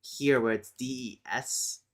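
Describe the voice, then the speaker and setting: A young man on a livestream, muttering slowly while he works through language notes. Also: mid-range voice, steady tone. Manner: slow, mutters while working things out. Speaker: streamer. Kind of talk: casual livestream chat.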